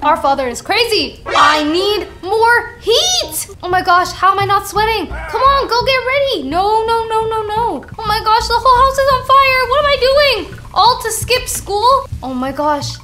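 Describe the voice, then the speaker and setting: A young woman hosting a gaming channel, giving excitable, exclamatory commentary and often giggling. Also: extremely high pitch, measured pace, hardly any pauses.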